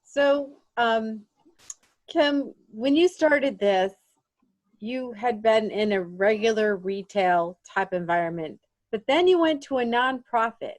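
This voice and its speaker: A woman hosting a podcast, asking an interview guest questions in an encouraging, unhurried way. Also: fairly high pitch, lively intonation, dry recording. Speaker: podcast host.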